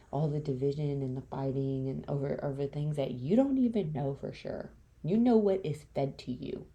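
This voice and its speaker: A woman's voice: sits low, mellow. A woman hosting a solo podcast, talking candidly and bluntly, swearing freely and dropping into whispers mid-rant. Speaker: podcast host.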